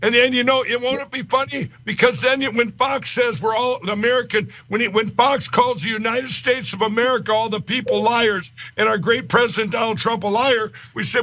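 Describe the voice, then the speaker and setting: Excitable, rambling middle-aged man. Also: very high voice, moderate pace, muffled recording. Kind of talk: rambling speech from a played clip.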